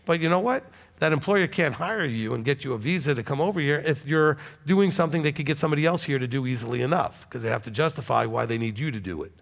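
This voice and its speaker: A man's voice: fairly high pitch, animated, fast, vocal fry, hardly any pauses. A man, a rabbi, chatting animatedly while answering congregation questions, with many okays. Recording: long hall reverb.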